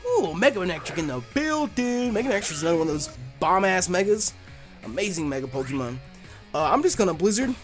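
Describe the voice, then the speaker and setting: A young man giving let's play commentary in a brash, profane, excitable way. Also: high voice, fast, music in the background. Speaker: gaming YouTuber.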